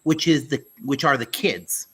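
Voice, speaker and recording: A man's voice: mid-range voice, a little slow, a bit bright, slightly rough. A man co-hosting an education talk show, speaking emphatically and dropping folksy sayings. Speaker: podcast co-host, school administrator. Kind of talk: casual conversational talk.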